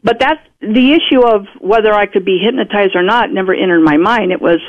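A radio guest with a medium-pitched voice talks fairly quickly, chatting through a personal story and acting out what other people said. The broadcast audio sounds muffled.

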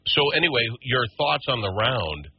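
A man hosting a casual political talk show, opinionated and animated, often restarting his sentences. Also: medium pitch, normal speed, creaky, slightly rough, no echo, muffled recording.

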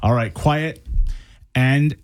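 A man's voice: medium pitch, slow pace. A man co-hosting a radio morning show, directing a sketch playfully. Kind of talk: casual banter.

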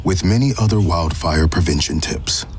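A man voicing a wise old bear in a radio public service ad, with a booming, fatherly delivery. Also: normal speed, slight background noise. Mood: solemn.

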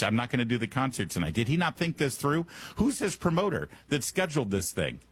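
A man's voice: fairly high pitch, a bit bright, slightly rough, no echo. A man hosting a talk radio show, delivering a joking monologue full of wry asides and puns. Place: Washington, D.C. studio.

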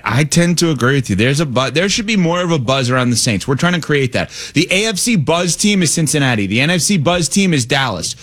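A man hosts a sports talk radio show with a quick, playful delivery. His pitch rises and falls a lot and sits a little high. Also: a bit bright. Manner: quick, playful, laughs easily.

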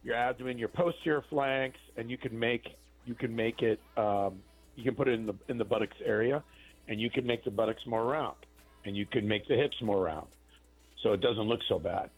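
A husky-voiced man, a plastic surgeon, explains cosmetic procedures in a loose, conversational way. He restarts his sentences often and keeps it plain. Faint music plays underneath. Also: medium pitch, brisk, poor audio. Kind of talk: casual radio chat.

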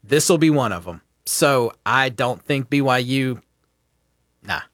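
A man's voice: medium pitch, animated, unhurried, fairly bright tone, dry recording, studio quality. A man co-hosting a casual sports talk show, playful and teasing, ribbing his partner. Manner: playful, teasing, jumps into mock voices. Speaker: co-host.

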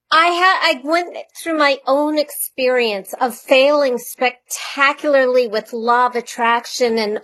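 A woman who is an author and money coach, a radio interview guest, speaking earnestly and reflectively with conviction. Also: high voice.

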